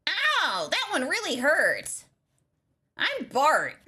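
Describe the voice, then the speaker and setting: A woman voicing a bratty, cocky cartoon boy in a high kid voice, as a reading among friends. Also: huge pitch swings, slow, bright, forceful tone, slight background noise, exaggerated voice.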